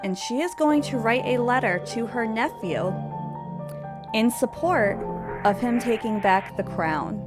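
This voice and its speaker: A woman's voice: fairly high pitch, animated, unhurried. A woman narrating a game story in a chatty, playful way, with giggly asides. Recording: background music under voice.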